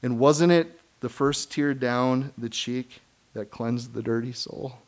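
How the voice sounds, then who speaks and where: A middle-aged man preaching a sermon, earnest and emphatic, breaking into short laughs and quick asides. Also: mid-range voice, fairly even intonation. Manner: acts out quoted voices of kids and believers. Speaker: pastor.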